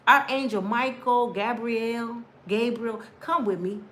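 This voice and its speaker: A slightly high, somewhat bright female voice moves at a slow pace over a faint hiss or hum. The speaker, a woman in her fifties, recounts her own story with fervor and a preachy insistence, addressing the audience directly and dramatizing what others told her.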